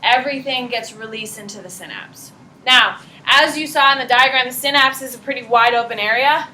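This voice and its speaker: A woman teacher giving a chatty, animated classroom lecture, often checking in with her students. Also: fairly high pitch, a little hiss or hum. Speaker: high school teacher. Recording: roomy classroom echo.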